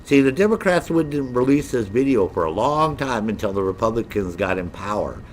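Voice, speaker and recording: A middle-aged man ranting casually with a lot of profanity, in a lively, mocking storytelling way. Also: mid-range voice, normal speed, a little hiss or hum. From United States. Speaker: gaming streamer.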